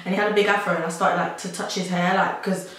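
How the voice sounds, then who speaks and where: A woman's voice: lowish voice, flat delivery, fast, fairly bright tone. Rambling young woman, very echoey. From South London. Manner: chatty and rambling, heavy use of "like", with nervous laughs. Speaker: vlogger. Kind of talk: personal storytelling to camera. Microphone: camera mic. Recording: very echoey room.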